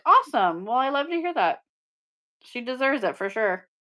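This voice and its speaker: A woman's voice: sits high, big pitch swings, moderate pace, a bit bright. A woman hosting a live-stream pin auction, chatting casually and upbeat with viewers and laughing often. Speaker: live shopping seller.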